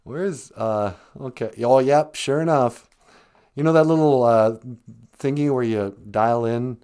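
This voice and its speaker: A man voicing a calm, apologetic helper on a call who calls her sweetie, in a comedy sketch. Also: medium pitch, a little slow, clear, resonant tone, close to an everyday voice.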